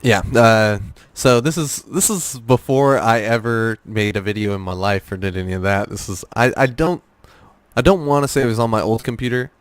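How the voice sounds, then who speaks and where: Young guy on a podcast, lowish smooth voice, dry close sound, keeps restarting his sentences. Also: normal speed, no echo. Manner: rambling storyteller, many fillers and restarts. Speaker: guest. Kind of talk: casual podcast interview.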